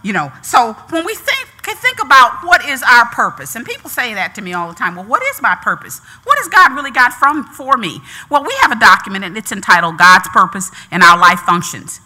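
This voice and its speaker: A woman's voice: a little high, sing-song, a little fast, hardly any pauses, bright, forceful tone. A woman preaching a sermon in a call-and-response style, repeating phrases with rising emphasis.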